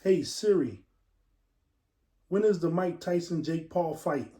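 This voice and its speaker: A man's voice: a little high, moderate pace, mellow, roomy sound. A man from West Texas, hosting a casual vlog and rambling from topic to topic as he talks to viewers. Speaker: show host. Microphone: camera mic.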